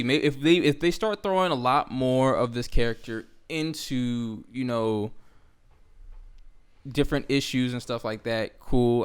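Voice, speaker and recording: Young male co-host, gravelly and smooth, easygoing. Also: medium pitch. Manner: laid-back, laughs easily. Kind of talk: casual chat.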